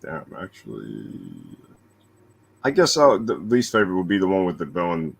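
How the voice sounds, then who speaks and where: A man's voice: deep voice, huge pitch swings, moderate pace, creaky, slightly rough. A man on a casual panel, hesitant and full of fillers as he picks his choices. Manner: hesitant, many fillers, self-deprecating. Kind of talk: casual group discussion.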